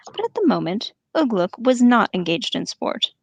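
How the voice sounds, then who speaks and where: A woman reads a long story aloud for her podcast, steady and engaged. Her voice has a gravelly fry at the edges, and the sound is dry and close with no room echo. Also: a little high, moderate pace. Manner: animated, laughs easily. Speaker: podcast host and reader. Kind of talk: reading a novel aloud with commentary.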